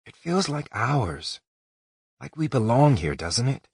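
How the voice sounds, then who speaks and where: A man voicing a young woman in an audiobook, speaking softly and pleadingly with his voice pitched up. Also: big pitch swings, slow, breathy edge, no room sound, clean studio sound, full character voice. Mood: wistful. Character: young woman, wistful and affectionate.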